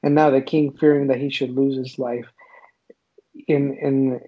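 A man's voice: mid-range voice, little pitch movement, dull audio. A man in a casual religious discussion, retelling scripture passages and acting out the quotes with frequent restarts. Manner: paraphrases scripture with acted-out quotes, halting restarts. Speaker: podcast co-host discussing scripture.

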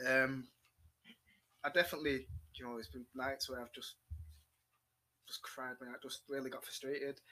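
A young man, talking quickly and emotionally in a casual podcast chat and swearing freely. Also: mid-range voice, flat delivery, bright, forceful tone. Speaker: podcast guest.

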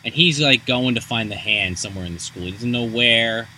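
A man's voice: mid-range voice, brisk, bright, forceful tone, a little hiss or hum, poor audio. A man co-hosting a podcast, retelling a film plot in rambling, profane casual chat. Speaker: podcast co-host. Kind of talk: casual movie recap chat.

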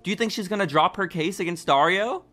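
A young man co-hosting a podcast, chatting casually and retelling scenes with animated voices. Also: high-pitched, quick pace. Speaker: podcast co-host. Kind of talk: casual chat recapping wrestling.

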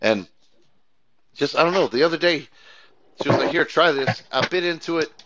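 A man's voice: a little high, animated, normal speed, background noise. A young man, rambling through profane, laid-back stories as a podcast co-host. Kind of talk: casual chat. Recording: dull lo-fi sound.

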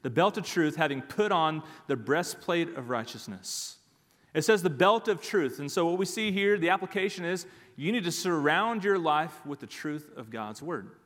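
A man preaching in a church sanctuary, his fairly high voice ringing with a long hall reverb. He drives home each point with emphatic repetition and a steady "all right." It sounds like a pastor in the middle of a sermon. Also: normal speed. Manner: emphatic, repeats key phrases, frequent "all right".

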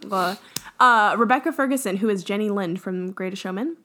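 A woman's voice: mid-range voice, fairly quick, bright, forceful tone. A young woman co-hosting a podcast, chatting casually with lots of fillers and giggles. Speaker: podcast co-host. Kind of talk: casual chat.

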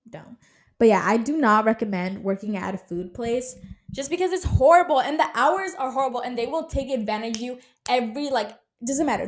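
A woman in her twenties hosting a podcast, telling stories in a casual, blunt monologue full of slang, swearing and "like". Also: on the high side. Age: 20s. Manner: swears a lot, heavy slang and filler "like"; blunt, rant-like and joking. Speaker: podcast host.

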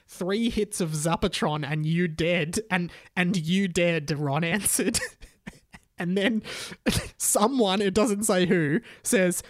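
A man's voice: fairly high pitch, no echo, clean studio sound. A young man reading his old fan story aloud and mocking it, laughing often as he comments. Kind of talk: casual comic reading with commentary.

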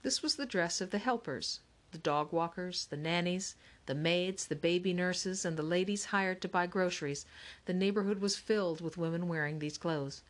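Lower-voiced woman, steady audiobook narrator for a children's novel. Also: moderate pace.

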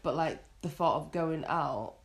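Young northern English woman, slightly low voice; candid, low-key, thoughtful. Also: unhurried. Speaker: podcast co-host. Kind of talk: casual chat.

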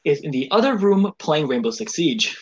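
A man's voice: on the high side, big pitch swings, moderate pace, breathy edge. A young man co-hosting a casual podcast from home, rambling with lots of fillers and laughter. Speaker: podcast co-host. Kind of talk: casual chat. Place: home room, remote call.

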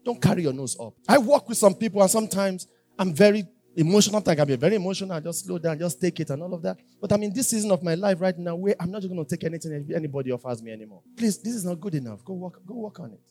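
Emphatic high-voiced preacher. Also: male voice, expressive, very fast, soft background music. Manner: emphatic, repeats phrases, swings between loud exhortation and quiet asides. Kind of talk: sermon.

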